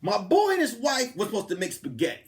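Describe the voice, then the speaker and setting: Animated high-pitched male comic storyteller. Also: fast talker. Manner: animated, swings from hushed asides to loud laughing outbursts. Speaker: comedian podcast host.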